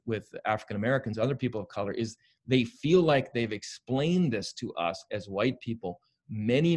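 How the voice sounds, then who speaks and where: Man thinking out loud, mid-pitch. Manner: thoughtful, with repeated words and restarts. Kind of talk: conversational commentary.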